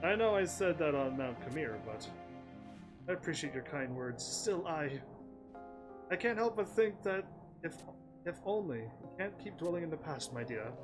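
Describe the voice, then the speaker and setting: A man's voice: a little high, expressive, normal speed. A man casually commentating while playing a game, reading the dialogue aloud, often laughing and playful. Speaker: gaming streamer. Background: game music.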